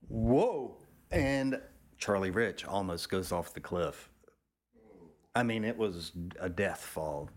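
A man who works as a photographer tells a loose, rambling story, restarting often and swearing now and then. He performs other people's lines by raising his pitch.

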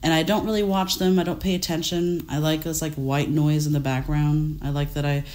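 A woman's voice: sits low, flat delivery, fairly quick, darkish tone. Woman, 30s, from France, casual chat, rambling, laughs a lot. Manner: chatty, rambling, laughs often. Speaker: guest artist.

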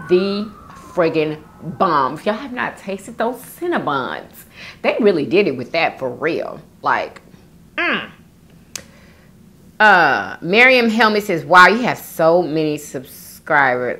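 Lively woman vlogger. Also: lowish voice, a little slow. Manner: animated, laughs often, reads comments aloud. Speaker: food vlogger reading viewer comments. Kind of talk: casual chat to viewers.

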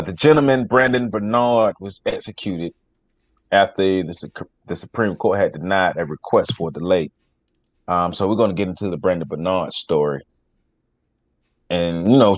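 Brief: low-voiced male podcast host, dry close sound, easygoing delivery. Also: dry recording. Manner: laid-back, reads news aloud. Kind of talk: casual podcast talk.

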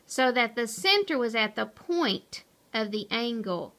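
High, lively woman reading a picture book. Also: a little slow, few pauses. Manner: expressive, storytelling. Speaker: narrator. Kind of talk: children's picture book read-aloud.

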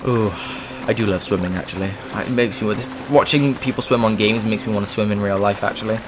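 A man's voice: on the low side, steady tone, a little fast, over music. A man doing casual let's play commentary, rambling along with sudden exclamations. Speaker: gaming YouTuber.

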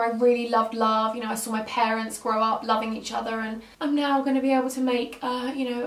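A woman's voice: fairly high pitch, recorded from a distance. A young woman chatting through her wedding makeup, gushing and close to tears. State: emotional, near tears. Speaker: beauty vlogger. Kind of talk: casual makeup tutorial chat. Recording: roomy echo, slightly off-mic.

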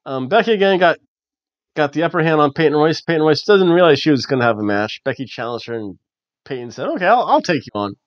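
A man hosting a casual wrestling review, chatty and animated with lots of fillers. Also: fairly high pitch, quick pace, no echo. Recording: dull, dry lo-fi recording.

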